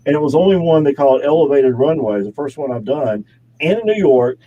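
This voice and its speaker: A man's voice: on the high side, expressive, fairly quick, narrow, tinny audio. A man, an actor and model, chatting as an interview guest in his home studio, rambling through stories with frequent laughs. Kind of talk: casual interview chat.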